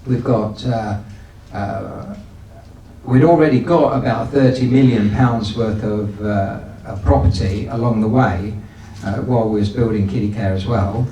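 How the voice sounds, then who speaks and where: A man's voice: on the low side, a little slow, warm tone, a little hiss or hum. A man giving a folksy, anecdotal business talk to an audience, with frequent restarts. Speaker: guest speaker. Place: event hall. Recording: echoey hall, distant from the mic.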